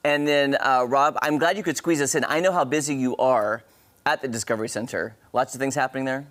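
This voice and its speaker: A man's voice: mid-range voice, brisk, fairly bright tone. A man from Texas with a Texan accent, hosting a morning TV show in jokey, folksy banter. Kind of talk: casual morning TV chat.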